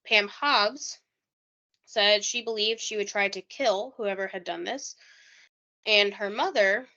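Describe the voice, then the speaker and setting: A woman's voice: medium pitch, slow pace, bright, forceful tone, lo-fi sound. A woman co-hosting a casual true-crime podcast, chatting loosely with lots of "like" and reading quotes aloud. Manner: chatty, heavy use of "like", reads quotes aloud. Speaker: podcast co-host.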